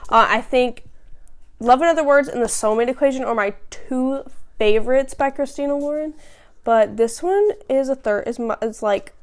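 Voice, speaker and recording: A woman's voice: high voice, normal speed. A woman chatting casually as a book vlogger, rambling with many fillers and restarts. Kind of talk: casual book review chat.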